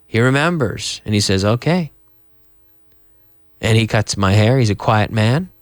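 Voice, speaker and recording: Male English teacher from Canada, TV lesson, highly expressive pitch, dry booth. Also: moderate pace, no echo. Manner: lively, spells words out, mixes in Spanish.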